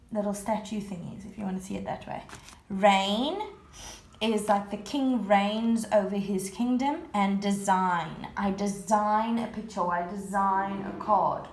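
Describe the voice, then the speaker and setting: A woman primary school teacher recording a home-learning lesson, patiently explaining words one at a time and repeating them. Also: mid-range voice. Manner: patient, repetitive word-by-word explaining. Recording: roomy echo.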